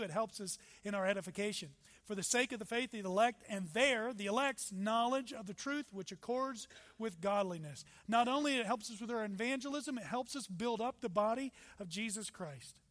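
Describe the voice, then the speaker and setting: A man preaching a sermon as pastor, with emphatic rises and sudden soft drops. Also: sits high. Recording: long hall reverb.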